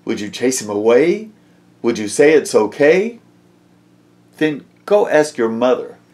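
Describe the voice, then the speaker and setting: A man reading picture books aloud to children in a gentle, expressive storybook manner. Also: medium pitch, a little slow.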